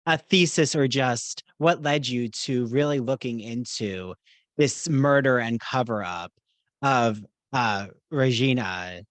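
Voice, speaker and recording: A man's voice: mid-range voice, slow, a bit bright, dry recording. A man hosting a podcast interview, asking long questions with many fillers and hedges. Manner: rambling, hedging questions with fillers. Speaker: podcast host.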